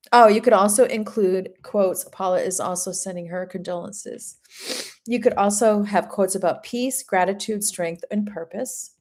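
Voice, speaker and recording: A woman from Maine hosting a casual livestream, chatting and reading viewer comments aloud with sympathetic replies. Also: medium pitch. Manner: chatty, reads viewer comments aloud and answers them warmly. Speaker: home and lifestyle channel host.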